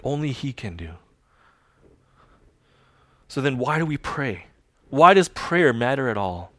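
Man, pastor, sermon, emphatic, repeats lines, loud to hushed, dry close sound. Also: mid-range voice, sing-song, measured pace, dry recording.

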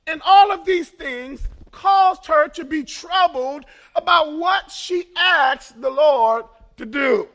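A middle-aged male pastor preaching a sermon, building to fervent shouts and repeating his phrases in a rhythmic cadence. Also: very high voice, vocal fry.

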